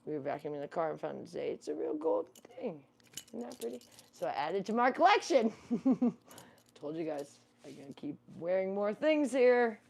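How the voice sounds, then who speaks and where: A woman's voice: fairly low pitch, big pitch swings, moderate pace, vocal fry, a little mellow. A woman chatting casually with viewers on a livestream while fussing over her pet rabbit. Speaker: livestream host.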